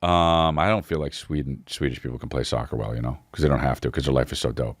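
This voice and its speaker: A man's voice: a bass voice, fairly even intonation, fast talker, dry recording, clean studio sound. A man hosting a comedy podcast, ranting casually with a lot of swearing and calling people "dude.". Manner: profane, riffing, says dude a lot. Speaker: podcast host.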